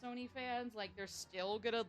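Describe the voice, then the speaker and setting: A woman's voice: a little high, steady tone, moderate pace, faint music behind. A woman streamer chatting casually while playing a game, chatty and self-deprecating. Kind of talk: casual gaming stream chat.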